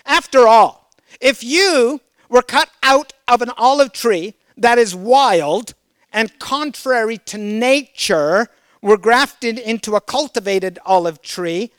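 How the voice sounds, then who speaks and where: A man delivers a sermon in a high, smooth, resonant voice, recorded close and dry. He reads scripture aloud, quizzes his listeners and pushes key points with emphatic force. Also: no echo. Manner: emphatic, rising to loud exclamations; asks the congregation questions. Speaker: preacher.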